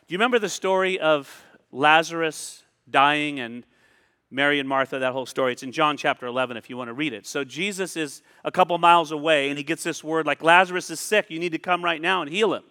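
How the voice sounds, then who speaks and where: A male pastor preaching a sermon in a conversational way, pausing and repeating phrases for emphasis. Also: a little high, pushed and bright. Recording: long hall reverb.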